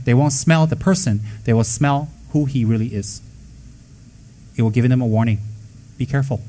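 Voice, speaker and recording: A man giving a Buddhist dharma talk to students, blunt and scolding, with joking asides and quick acted-out quotes. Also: fairly high pitch, a little mellow, low-quality recording. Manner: acts out quoted voices. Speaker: Buddhist teacher.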